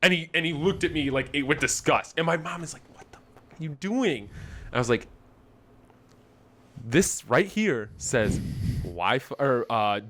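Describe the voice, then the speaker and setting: A man's voice: mid-range voice, unhurried. A young man co-hosting a podcast, telling a story and acting out the other people's lines. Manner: animated storyteller acting out quotes. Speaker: podcast co-host. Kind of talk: casual chat, storytelling.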